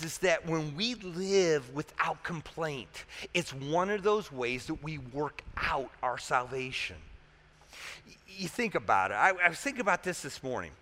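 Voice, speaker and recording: A man's voice: on the high side, sharp tone. A man preaching a sermon as a pastor, talking conversationally and asking the congregation rhetorical questions. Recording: echoey hall reverb.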